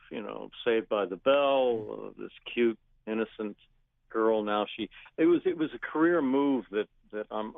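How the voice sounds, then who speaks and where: A man telling stories in a phone interview, animated, laughing often and restarting his sentences. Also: lowish voice, vocal fry, dry recording. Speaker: actor guest. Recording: phone line.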